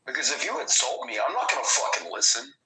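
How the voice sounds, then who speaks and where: A man's voice: medium pitch, very animated, fast talker, bright, forceful tone, a little hiss or hum, low-quality recording. A man from Georgia in the US chatting casually on a podcast, blunt and profane, telling stories with animation. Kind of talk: casual chat.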